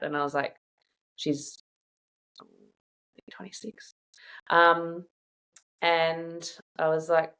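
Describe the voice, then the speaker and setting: A woman with a notably low voice for her sex, chatting openly in an interview. She tells stories with animated asides and laughs often, keeping a casual, conversational tone throughout. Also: drawn-out words, pauses often, clean tone. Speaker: guest sharing her own experience.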